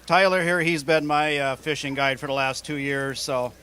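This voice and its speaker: A man fishing with his son, describing their tough day in a relaxed, good-natured way. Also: a little high, normal speed, clear, resonant tone. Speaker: tournament angler, father. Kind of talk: answering interview questions.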